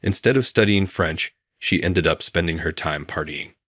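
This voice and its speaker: Deep-voiced calm male story narrator. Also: normal speed, husky, no room sound, studio quality. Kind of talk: scripted first-person story narration.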